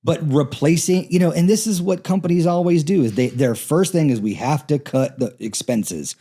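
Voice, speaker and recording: A man's voice: on the high side, moderate pace, warm tone. A man co-hosting a podcast in casual chat, joking and playfully provocative. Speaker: podcast co-host.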